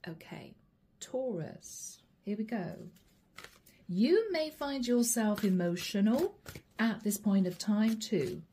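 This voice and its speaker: A woman's voice: medium pitch, expressive, slow, warm tone, slight background noise. A woman giving a casual, emotional tarot reading, telling a vision as a story and speaking to her viewers in an intimate way. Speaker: tarot reader.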